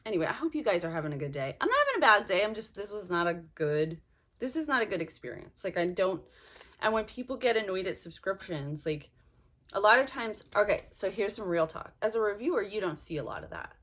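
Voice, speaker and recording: A woman's voice: mid-range voice, sing-song, brisk, fairly bright tone. A young woman chats through a subscription box unboxing in a loose, unscripted vlog voice. She sounds frustrated and rambles, leaning on "like" as she talks her way through the items. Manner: frustrated, fills talk with "like".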